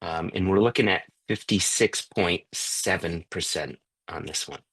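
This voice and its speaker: A man's voice: deep voice, measured pace, a bit bright, breathy edge. A man hosting an online tasting on a video call, chatting loosely with lots of fillers and restarts. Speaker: whisky tasting host. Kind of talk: casual online tasting talk.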